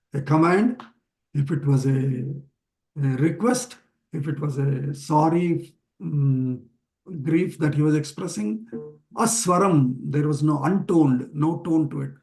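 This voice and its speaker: A man teaching a weekly online class over a video call, explaining a chanted text slowly and word by word, with many pauses and fillers. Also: on the high side, darkish tone. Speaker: teacher of scripture.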